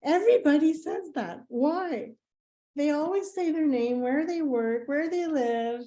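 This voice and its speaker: Woman presenter, warm lower-toned voice, animated and chatty storyteller. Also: measured pace. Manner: animated, acts out quoted dialogue; chatty, with frequent fillers. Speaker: presenter at a community meetup. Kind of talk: casual presentation with anecdotes.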